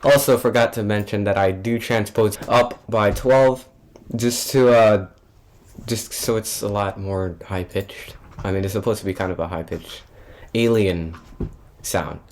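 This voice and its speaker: A man's voice: fairly low pitch, fairly even intonation, measured pace, darkish tone. A young man, a music producer, casually talking through how he built a track, loose and offhand with frequent fillers and restarts. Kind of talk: casual tutorial narration.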